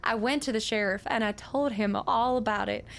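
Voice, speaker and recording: A woman voicing a bitter, grieving old woman, reading her letters slowly in a folksy drawl. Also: fairly high pitch, close to an everyday voice. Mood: ominous. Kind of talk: reading game letters aloud in character.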